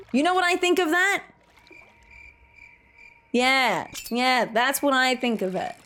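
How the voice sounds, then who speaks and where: A woman's voice: sits high, big pitch swings, normal speed, a bit bright, soft background music. A woman streamer chatting casually with her viewers, playful and jokey, giggling at her own jokes. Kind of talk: casual live-stream chat.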